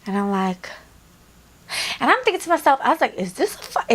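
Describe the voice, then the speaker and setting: A young woman chats through a storytime vlog with a high, lively voice that jumps all over. She swears freely and acts out each side of the conversations she describes, with her pitch bouncing from line to line. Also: a little fast. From Latina. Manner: animated, profane, acts out both sides of conversations. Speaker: beauty vlogger. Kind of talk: casual storytime chat.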